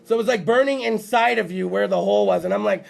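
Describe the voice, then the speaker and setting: A man's voice: high-pitched, fast talker, gravelly. A man hosting a talk show, telling crude jokes in a rowdy monologue and acting out other voices. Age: adult. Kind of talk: profane comedic monologue.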